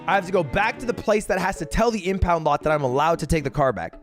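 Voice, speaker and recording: A man, a streamer, telling a story in an exasperated, profane way, casual and animated. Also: fairly high pitch, quick pace, faint music behind. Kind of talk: casual comedic storytelling rant.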